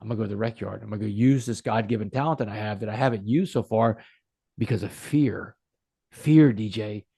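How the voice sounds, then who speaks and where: Gravelly earnest man telling his story. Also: lowish voice, brisk, warm tone, no echo, clean studio sound. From United States. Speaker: guest. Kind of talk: storytelling in a podcast interview.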